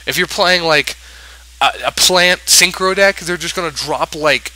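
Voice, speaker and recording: A man's voice: fairly high pitch, unhurried, sharp tone, low-quality recording. A man in a casual, exasperated rant about a card game, sarcastic and rambling, full of fillers and restarts. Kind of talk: ranting commentary.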